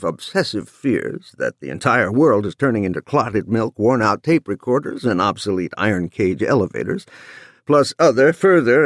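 A man voicing a gravelly, dark-voiced older businessman delivering a slow, emphatic television commercial. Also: on the low side, no room sound, studio quality, exaggerated voice.

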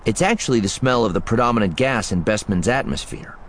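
A man narrating a story chapter in an expressive, playful way. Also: lowish voice, brisk, a little hiss or hum. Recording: background music under the voice.

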